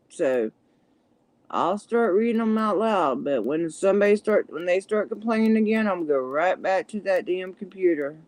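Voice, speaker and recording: A woman's voice: mid-range voice, lively intonation, normal speed, darkish tone, no room sound. A middle-aged woman with a heavy Southern country accent, chatting casually on a livestream and sometimes stumbling over her words. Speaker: livestream host. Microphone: phone.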